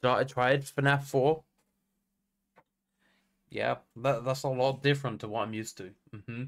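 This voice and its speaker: A man's voice: medium pitch, fairly even intonation, a little slow. An English man casually commenting on a game for his live chat, humming idle tunes between remarks. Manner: hums idle tunes while playing, talks to chat casually. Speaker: game streamer.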